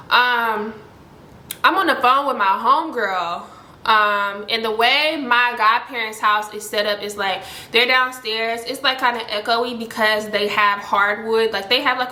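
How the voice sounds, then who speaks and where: Young woman spilling a storytime, bright voice, lotta "like", echoey room. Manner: animated, heavy use of "like", voices other people with high pitch jumps. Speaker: storytime vlogger. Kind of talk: casual storytelling.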